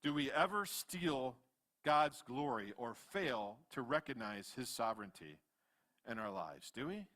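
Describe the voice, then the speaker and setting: Pastor guy preaching, bright voice, gets loud then drops real quiet. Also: a little slow. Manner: swings from loud, animated retelling to low, quiet asides. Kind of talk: sermon. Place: church sanctuary.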